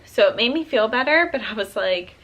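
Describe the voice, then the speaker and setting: A woman's voice: a little high, lively intonation, brisk, a bit bright, poor audio. A woman in her twenties, a vlogger, telling a personal story in a casual, chatty way, with plenty of "um" and "like". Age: 20s. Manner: chatty, full of "um" and "like".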